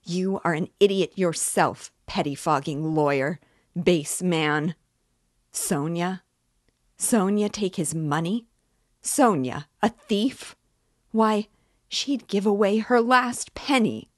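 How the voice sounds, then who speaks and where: A woman doing a frantic mother in an audiobook, shrill, outraged, dry close sound. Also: slow pace, no echo. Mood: shrieking.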